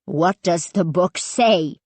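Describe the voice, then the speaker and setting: A woman's voice: fairly low pitch, takes it slowly, darkish tone, no echo, pitched below the performer's own voice. A woman voicing a stern, demanding old grandfather. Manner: demanding, insistent.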